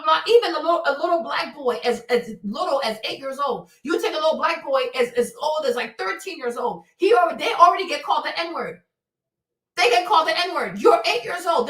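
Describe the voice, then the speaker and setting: A woman's voice: high-pitched, a bit bright, roomy sound, far from the mic. A woman giving a live-stream commentary monologue, impassioned and preachy, repeating her points for emphasis.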